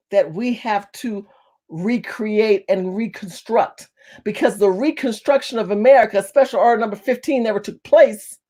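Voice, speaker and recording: A high-pitched woman from California delivers a fiery political monologue as a community activist. She talks quickly and forcefully, hammering her points home by saying them again and again. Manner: fast-talking, forceful, repeats phrases for emphasis.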